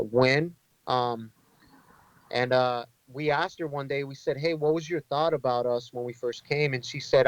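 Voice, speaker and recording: A man's voice: medium pitch, no echo, poor audio. A man who leads an inner-city ministry, a guest on a podcast, telling stories in an earnest, conversational way with many fillers and restarts. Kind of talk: storytelling in a casual interview.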